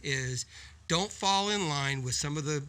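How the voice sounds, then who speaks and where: A man's voice: fairly high pitch, animated, unhurried, pushed and bright. A man co-hosting a business podcast, explaining in an emphatic, coaching way and often tagging points with "right?". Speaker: podcast co-host. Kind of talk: casual business podcast talk.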